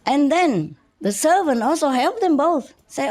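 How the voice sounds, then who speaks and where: A woman from Vietnam, a spiritual teacher telling personal stories to an audience in a halting way, with many restarts and soft chuckles. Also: high voice, expressive.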